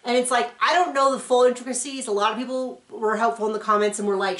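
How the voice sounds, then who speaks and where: Woman, sarcastic TV recapper, a little high-pitched, in a roomy space. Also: steady tone, fast, few pauses, fairly bright tone. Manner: chatty and sarcastic, with playful asides. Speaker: TV recap reviewer. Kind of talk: casual reaction recap. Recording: roomy echo.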